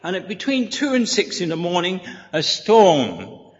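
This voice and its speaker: A man delivers a sermon at an unhurried, measured pace, his voice sitting slightly high. He stresses each repeated line with earnest conviction. The recording is muffled and lo-fi, and a long church reverb trails every phrase. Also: huge pitch swings. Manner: earnest, deliberate, emphatic repetition. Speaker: preacher.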